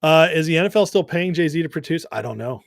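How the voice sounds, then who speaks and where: A man with a deep voice hosting a livestream, chatting loosely and reading viewer comments. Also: animated, fast talker, creaky, no echo, studio quality. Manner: chatty, laughs often, many fillers and restarts. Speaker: livestream host.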